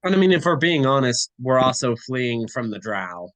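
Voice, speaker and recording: A young man playing a tabletop game, talking quickly and casually at a mid-range pitch. His voice sounds dry and close. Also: sing-song, dry recording. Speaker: player.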